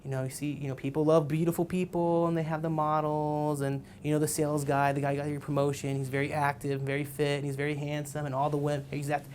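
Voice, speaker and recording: A man's voice: on the high side, completely flat delivery, quick pace, few pauses, a little mellow, slight background noise. A man giving a casual tutorial lecture on ad copy, rambling and checking in with "right?" and "you know" again and again. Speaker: marketing teacher.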